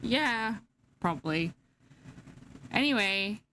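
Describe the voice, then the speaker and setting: Slow sleepy young woman streamer. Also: mid-range voice, expressive, bright, forceful tone, slight background noise. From Australia. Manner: slow, chatty, giggly, sleepy and yawning. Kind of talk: casual live-stream chat.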